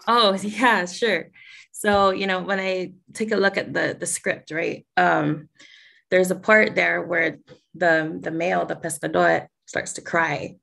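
Young woman w a low gravelly voice, rambling chatty story on a video call, laughs a lot. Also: fairly even intonation, slow pace, a bit bright. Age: young adult. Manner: chatty, laughs often, restarts sentences. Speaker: voice actor. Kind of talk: casual video call chat.

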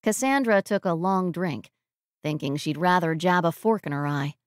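A woman reading a romantic comedy audiobook as narrator, in an even storytelling manner. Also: lowish voice, moderate pace, no room sound, studio quality. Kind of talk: scripted narration.

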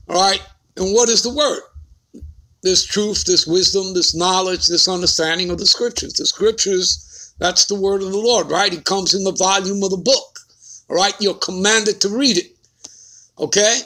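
Male preacher, scripture teaching, emphatic, constant check-in questions, high and bright. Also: moderate pace. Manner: emphatic, keeps asking "all right?" and "okay?".

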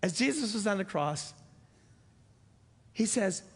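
A man's voice: sits high, animated, slow pace, husky. A man preaching a sermon as pastor, earnest and repeating phrases for emphasis. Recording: echoey church hall.

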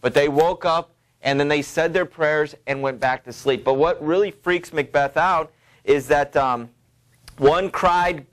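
A male teacher giving a classroom literature lecture in a halting way, full of fillers, stopping to read passages aloud. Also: a little high.

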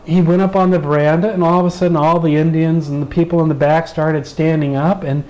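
A man's voice: a little high, fairly quick, low-quality recording. A middle-aged American man with a Southern accent, earnestly telling a personal story in an interview and acting out the dialogue. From United States. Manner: earnest, animated retelling with quoted dialogue. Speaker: interview guest.

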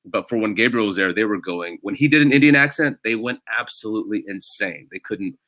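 A man in casual podcast conversation spins lively, self-mocking stories about his stand-up gigs. His voice sits a little low but sounds bright and forward. It is recorded dry and close, with no room sound around it. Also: a little fast, no echo, poor audio. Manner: animated storytelling with self-deprecating jokes. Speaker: comedian guest.

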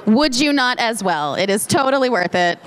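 A woman's voice: a little high, animated, moderate pace, fairly bright tone, rough recording. A woman on a convention panel, chatting casually and teasing a colleague in a playful story. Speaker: voice actor panelist. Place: convention hall panel stage.

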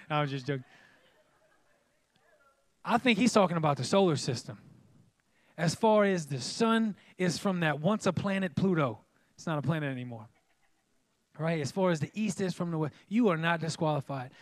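A man's voice: a little high, fairly bright tone, dry recording. Preacher man, emphatic and folksy. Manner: emphatic and folksy, repeatedly calling out to the congregation. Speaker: pastor. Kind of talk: sermon.

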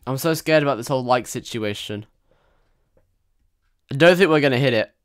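A young man talks his viewers through a live game stream, chatty and jokey, teasing and confiding by turns. His voice is smooth and clear, at an ordinary middle pitch. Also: moderate pace, no echo, clean studio sound.

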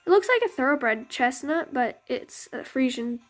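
A woman's voice: high voice, lively intonation, moderate pace. A young woman casually commenting on her game as its channel host, chatty and rambling, often correcting herself. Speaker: gaming YouTuber. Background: game music.

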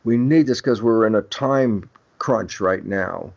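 A man's voice: on the low side, measured pace, vocal fry. An older man, a guest expert on a podcast, explaining his ideas in an emphatic lecturing way and acting out quoted dialogue. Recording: dull lo-fi audio.

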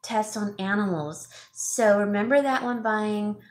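A middle-aged woman hosting a casual haul vlog, chatting warmly and thanking viewers by name as she opens gifts. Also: mid-range voice, measured pace. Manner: chatty, gushing, reads viewer names aloud. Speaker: vlog host, home stager. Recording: roomy echo, faint background noise.

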